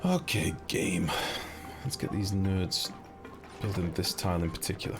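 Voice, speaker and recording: A man with a deep, creaky voice streams a building game live from his home setup, talking a little slowly and casually. He jokes and answers viewers' messages as he plays, with game music underneath.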